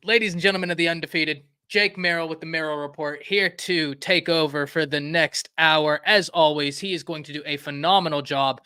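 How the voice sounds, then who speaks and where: A man's voice: fairly high pitch, steady tone, sharp tone, smooth. A man co-hosting a live stream, giving an upbeat handoff to the next host and signing off. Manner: upbeat hype, quick sign-off.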